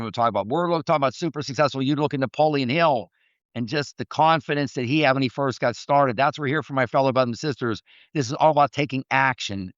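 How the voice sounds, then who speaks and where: A man speaks in a smooth, clear voice of middling pitch, earnest and preachy as he tells stories. The sound is dry and a little dull and lo-fi, with no room around it. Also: dry recording. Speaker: mindset coach podcast host. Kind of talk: motivational talk.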